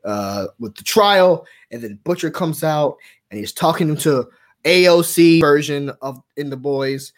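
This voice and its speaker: A man's voice: a little high, unhurried. A man co-hosting a casual aftershow podcast, ranting profanely and acting out quotes. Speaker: aftershow co-host.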